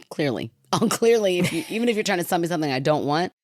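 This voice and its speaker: A woman with a Kentucky accent, co-hosting a podcast and telling a story in lively, laughing chat, acting out quotes. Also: on the low side, quick pace, no echo, studio quality. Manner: animated, laughing, acts out quotes. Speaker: podcast co-host.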